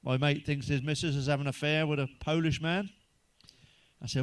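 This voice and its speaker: A man's voice: a little high, fairly even intonation, a little fast, clean tone. A man delivering a crude stand-up monologue, swearing freely and talking straight to the listener. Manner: swearing, chatty, addresses listener directly. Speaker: stand-up comedian.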